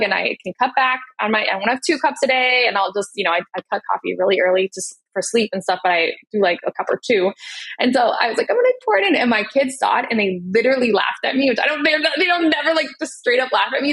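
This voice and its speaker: Fast-talking breathy woman. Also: medium pitch, rough recording. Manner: rambling, animated storytelling. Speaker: guest, nonprofit CEO. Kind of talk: casual interview chat.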